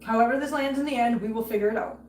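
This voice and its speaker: A woman's voice: fairly high pitch, very fast, a little hiss or hum. Angry ranting woman livestreaming in an echoey room. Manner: angry ranting, greets viewers warmly by name. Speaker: livestream host. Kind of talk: casual livestream chat. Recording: echoey room with faint ambience.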